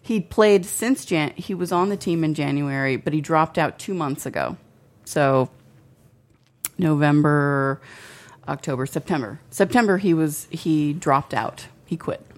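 A tipsy woman with a low voice co-hosts a casual chat show, reading out a news story at a measured pace. She laughs often and rambles loosely after drinking.

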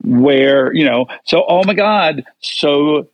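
A man who performs in drag, a guest chatting in an animated, theatrical way. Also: on the high side, slow pace, no echo, highs cut off. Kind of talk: casual interview chat.

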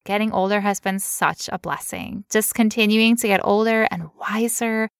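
A woman co-hosting a casual health podcast, explaining medical ideas clearly with playful asides and frequent laughter. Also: medium pitch, normal speed, dry recording, studio quality. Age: adult past teen years. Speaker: podcast co-host.

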